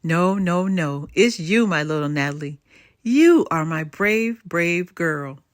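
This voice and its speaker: A woman's voice: fairly low pitch, lively intonation, takes it slowly, dry recording, clean studio sound. An older woman voicing a loving soldier dad in a children's story, cheering his daughter on. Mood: proud.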